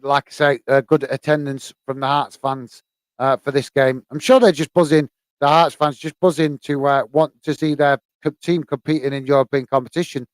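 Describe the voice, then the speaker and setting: A man's voice: mid-range voice, fairly even intonation, moderate pace, no echo. A man from the UK hosting a live football watch-along, tired and rambling with lots of fillers. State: tired, yawning.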